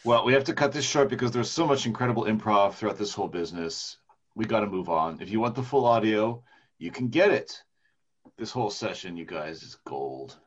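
Husky low-voiced man, lo-fi. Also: lively intonation, fairly quick. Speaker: podcast host recapping the game.

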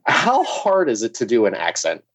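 A man's voice: mid-range voice, wildly swooping pitch, unhurried, fairly bright tone, breathy edge, dry recording. An American man hosting a podcast interview, friendly and self-deprecating. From United States. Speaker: podcast host. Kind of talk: casual interview chat.

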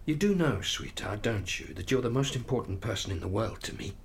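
An actor playing a gentle middle-aged father who coaxes his daughter affectionately. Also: lowish voice, lively intonation, a little fast, vocal fry, slight background noise. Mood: coaxing. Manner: coaxing, affectionate. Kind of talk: radio drama acting.

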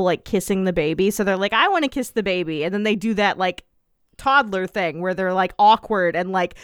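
A woman's voice: medium pitch, clean tone, dry recording, studio quality. A woman co-hosting a casual podcast, recapping a TV episode, swearing freely and acting out the scenes in quoted voices. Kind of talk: casual chat.

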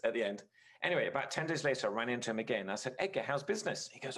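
A man's voice: mid-range voice, animated, fast talker, a bit bright. A man giving a conversational sermon as a guest speaker, earnest and storytelling, with frequent filler words.

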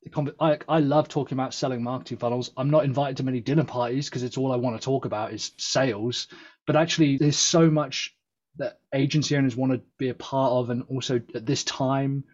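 A man's voice: medium pitch, fairly even intonation, darkish tone. English guy on a video call podcast, chatty, jokes at his own expense, kinda muffled lo-fi sound. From England. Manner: chatty, self-deprecating, quick laughs. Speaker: podcast guest, agency coach. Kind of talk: casual interview chat.

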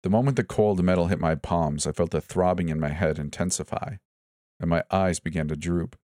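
A man narrating a first-person horror story with a steady, even reading. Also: low voice, brisk, no room sound, clean studio sound.

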